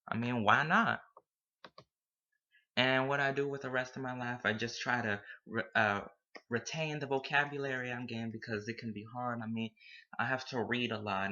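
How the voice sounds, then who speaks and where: Bright, sharp-toned young man. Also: mid-range voice, moderate pace. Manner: playful, drops Spanish words into English. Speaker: student. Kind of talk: casual monologue to camera. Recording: dull lo-fi recording.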